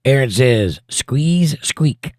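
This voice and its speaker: A livestream host with a medium-pitched, slightly mellow voice reads chat comments aloud and answers with wry jokes, sounding animated yet speaking extremely slowly. The recording has no room sound and is studio quality.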